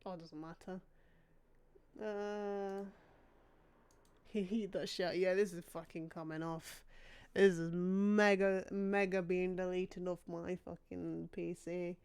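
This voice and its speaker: A woman streaming a game, reacting with loud, sweary outbursts and shrieks of disbelief. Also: fairly low pitch, level tone, slow, smooth.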